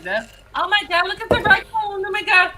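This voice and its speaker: A woman from the Chicago suburbs in a casual group chat, laughing loudly, swearing freely and eager to tell jokes. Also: very high-pitched, very animated, a little fast, noisy background. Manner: loud, laughing, swearing joke-teller.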